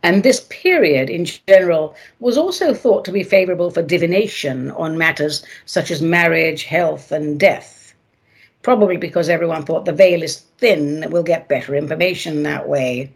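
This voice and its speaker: A woman hosting her own radio show, talking in a playful, dramatic way with sing-song emphasis and a husky voice; she moved to America from elsewhere. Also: sits low, moderate pace. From not from America, moved there. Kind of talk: theatrical solo radio talk.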